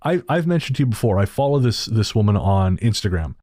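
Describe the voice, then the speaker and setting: Low, lively man ranting on a podcast. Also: fast talker, no room sound, clean studio sound. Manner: profane, ranting. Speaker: podcast co-host. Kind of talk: casual chat.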